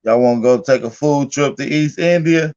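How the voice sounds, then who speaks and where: A man's voice: mid-range voice, normal speed, a little mellow. Profane laughing man, muffled stream audio. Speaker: livestream host. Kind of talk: casual livestream rant.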